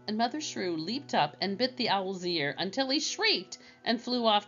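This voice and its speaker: Expressive woman reading a storybook. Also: mid-range voice, moderate pace, hardly any pauses. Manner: gentle and expressive. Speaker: storybook reader. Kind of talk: read-aloud storybook narration. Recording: dull lo-fi with faint music.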